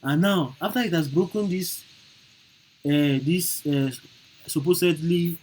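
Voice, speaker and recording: A man's voice: a little high, a little slow, darkish tone, rough recording. A man teaching chart trading over a screen recording, repeating each point and checking in with "okay?" and "right?". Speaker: trading instructor.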